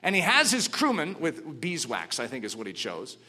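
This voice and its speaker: A man preaching a sermon, telling stories dramatically and swinging from hushed to ringing. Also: on the high side, huge pitch swings, normal speed.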